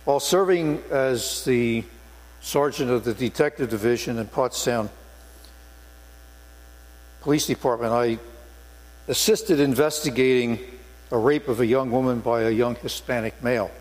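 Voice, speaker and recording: A man's voice: mid-range voice, a little slow, long pauses. An older man, a former police sergeant, preaching a sermon in a church sanctuary with earnest storytelling and emphatic stresses. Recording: long hall reverb with mains hum.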